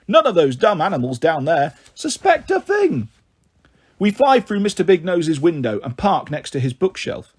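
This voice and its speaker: Man reading a kids' story aloud, high voice, lively swooping pitch, husky. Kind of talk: children's book read-aloud.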